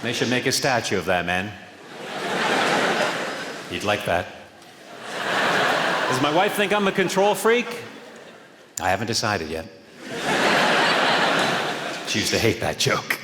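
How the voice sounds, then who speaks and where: A man fires off deadpan one-liner puns at a live show. His pitch swings widely between setups and punchlines. The recording is roomy and echoey, with loud background noise. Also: a little slow, long pauses. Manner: deadpan, pun-driven delivery. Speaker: stand-up comedian. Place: large theatre stage before an audience.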